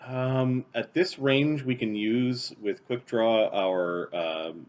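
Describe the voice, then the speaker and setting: A man's voice: mid-range voice, slow pace, highs cut off. A man playing a tabletop game, talking casually and thinking aloud over numbers. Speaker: player.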